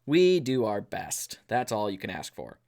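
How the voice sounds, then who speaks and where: A man's voice: fairly low pitch, huge pitch swings, measured pace, creaky, darkish tone. A man co-hosting an outdoors podcast, chatting casually, jokey and rambling off on tangents. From northern US. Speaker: podcast co-host. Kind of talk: casual chat.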